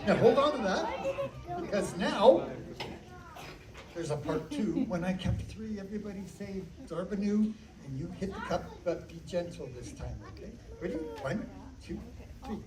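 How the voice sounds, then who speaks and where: At an indoor library activity room, a children's magician with a medium-pitched, animated voice performs a live show at a moderate pace, playfully coaxing the audience with countdowns and a magic word. The recording is distant and echoey, with a noisy crowd of children drowning things out.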